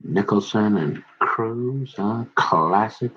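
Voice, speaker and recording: Husky, low-voiced man, slow scripture reader with jokey asides, dull lo-fi recording. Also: darkish tone. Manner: slow, drawn-out reading broken by joking chatter. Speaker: Bible reader. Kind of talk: scripture reading with casual asides.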